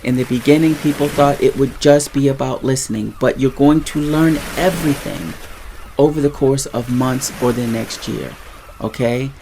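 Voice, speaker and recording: At a moderate pace, this Spanish teacher talks through examples one by one in a warm yet unadorned middle-pitched voice, regularly checking in with the listener. Key words get stressed through swings in pitch and volume, and there's slight background noise in this casual teaching monologue.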